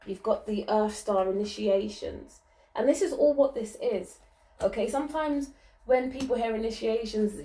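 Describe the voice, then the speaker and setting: A woman giving a channeled card reading, gentle and reassuring, often ending her sentences with "okay?" and laughing lightly. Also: on the high side, moderate pace, distant mic, rough recording. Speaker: spiritual card reader.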